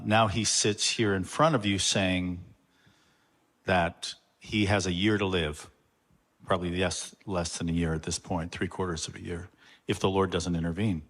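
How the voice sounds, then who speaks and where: Male pastor, lowish voice, halting earnest address, church reverb. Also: a bit bright. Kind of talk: introducing a guest to the congregation. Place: church sanctuary.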